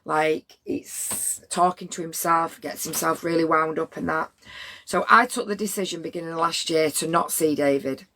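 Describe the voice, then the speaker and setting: Gravelly low-voiced woman. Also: moderate pace. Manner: blunt, swears freely, rambling and animated. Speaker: livestreamer. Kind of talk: casual storytelling to chat.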